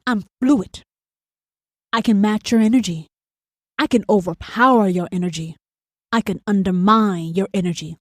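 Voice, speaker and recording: A woman with a fairly high-pitched, darkish voice hosts a solo podcast, recorded clean in a studio with no echo. She talks bluntly and profanely, hammers her points home with "do you understand?", and acts out an inner angel and demon in quoted voices.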